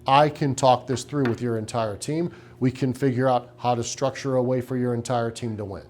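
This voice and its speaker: A man's voice: mid-range voice, fairly even intonation, moderate pace, a little mellow, a little hiss or hum. A middle-aged man giving a business training talk to clinic owners, emphatic and punchy, with rhetorical questions. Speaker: practice consultant.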